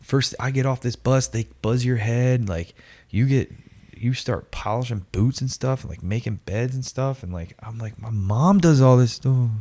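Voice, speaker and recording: A man in his forties telling a story casually on a podcast, slangy and animated, acting out the voices of the people in it. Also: mid-range voice, normal speed. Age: 40s. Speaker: podcast guest.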